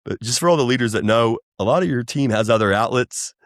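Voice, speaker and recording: A man, chatting casually as a podcast guest, rambling and animated. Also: mid-range voice, fast talker, dry recording, studio quality. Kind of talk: casual chat.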